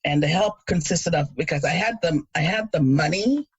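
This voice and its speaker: A woman co-hosting a podcast, telling stories in a casual, animated way with frequent laughs. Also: low voice, moderate pace, husky, no room sound, poor audio. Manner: animated storyteller, laughs often. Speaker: podcast co-host. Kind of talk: casual chat.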